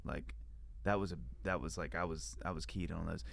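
A man with a very low, gravelly voice chats playfully, rambling through jokes and asides. He sounds close and dry, with no room around him. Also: steady tone, normal speed, dry recording. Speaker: podcast guest. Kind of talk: casual comedic chat.

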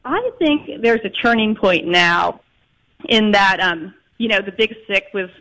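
Bright-toned male guest telling stories. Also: high-pitched, measured pace, low-quality recording. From Chicago. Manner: lively anecdote-telling with fillers. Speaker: guest author. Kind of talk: storytelling interview.

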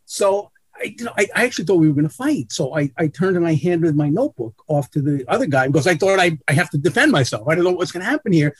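A man's voice: fairly high pitch, lively intonation, quick pace, slightly rough, no room sound. A man telling blunt, profane stories as a guest in an interview over a video call. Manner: blunt, profane, self-deprecating. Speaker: guest, sportswriter. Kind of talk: casual interview storytelling.

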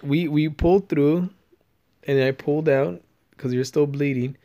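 A man's voice: a little high, fairly even intonation, a little slow, dark tone. A young man co-hosting a podcast, talking casually and crudely, joking and laughing often. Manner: laughing, joking, loose and profane. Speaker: podcast co-host.

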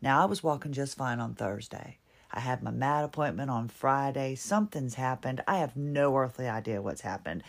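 A woman's voice: a bass voice, normal speed. A middle-aged woman from Virginia with a Virginian accent, talking casually and wryly on her own podcast. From Virginia, USA. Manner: chatty, wry, laughs at herself. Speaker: podcast host. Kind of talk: casual monologue.

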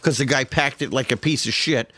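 A man's voice: mid-range voice, a little fast, pushed and bright, no room sound. A man in casual chat who talks animatedly, swears freely and laughs often.

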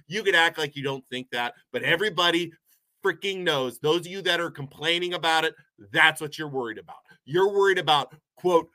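Fired-up man ranting, high bright voice. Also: a little fast. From Poland, Ohio, USA. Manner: heated, sarcastic, mocking. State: sick, unwell. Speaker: local commentator. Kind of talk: ranting monologue.

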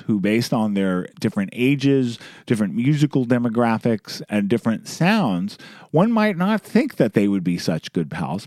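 A man's voice: mid-range voice, darkish tone, no room sound. A man hosting a podcast, narrating from a script with wry, conversational asides. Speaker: podcast host.

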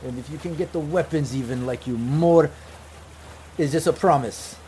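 A man's voice: on the high side, normal speed, slight background noise, lightly acted. A man voicing a brash, jovial Neo-Soviet gang boss in a tabletop game. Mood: pleased. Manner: boisterous, yelling for shots.

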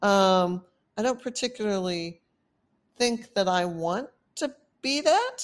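A woman's voice: mid-range voice, expressive, slow. A woman with a Texan accent hosting a podcast, giving an urgent, earnest motivational monologue that rambles with fillers. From Texas. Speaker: podcast host.

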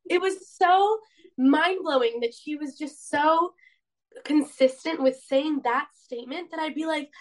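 A woman's voice: high voice, moderate pace, rough recording. A young woman from Poland, a guest telling a personal story in a candid, rambling way, with many fillers. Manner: earnest, rambling, heavy use of "like".

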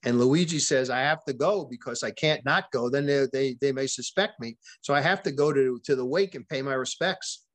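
A man speaking as a podcast guest, unspooling a long anecdote in plain conversational speech. He stumbles and restarts often, repeating words as he goes, and drops in quoted dialogue from the people in his story. His pitch sits in an ordinary middle range. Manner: retells events with quoted dialogue.

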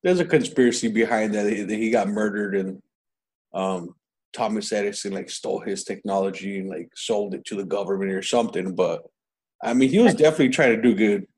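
A man's voice: on the low side, brisk, darkish tone. Laid-back slangy male podcast host. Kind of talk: casual podcast chat.

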